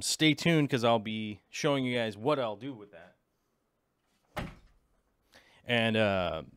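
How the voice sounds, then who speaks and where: A man's voice: medium pitch, no echo, studio quality. A man chatting casually in a vlog, rambling and scatterbrained as he interrupts himself while looking things up. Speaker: aquarium hobby vlogger. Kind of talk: casual vlog chat while browsing links.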